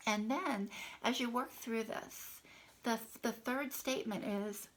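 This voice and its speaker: A woman guiding a tapping exercise, speaking affirmations in a soft, half-whispered breathy voice between plain explanations. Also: fairly high pitch, slow pace, rough recording. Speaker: tapping coach. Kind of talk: guided tapping instruction.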